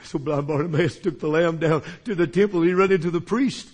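A male preacher telling a story in a sermon, dramatic and often shouting for emphasis. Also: on the high side, brisk.

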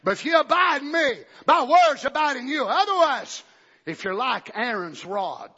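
Fiery preacher with a high, sharp voice. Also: male voice, very animated, normal speed, breathy edge, long reverb tail. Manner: bursts into shouts, then drops low and conversational. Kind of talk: fiery revival sermon. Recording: dull lo-fi recording.

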